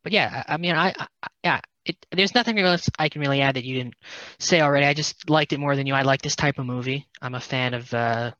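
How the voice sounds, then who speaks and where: A man co-hosting a casual movie review podcast, animated and acting out reactions. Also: mid-range voice, quick pace, no echo. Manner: animated, acts out reactions with rising voice. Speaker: podcast co-host. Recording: dull, dry podcast mic.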